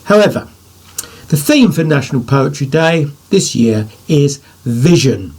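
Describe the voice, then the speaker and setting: A man's voice: a little high, big pitch swings, measured pace, a little mellow, slightly rough. An older man, a poet, giving a writing lesson to children, thinking aloud as he drafts and praising imagined answers.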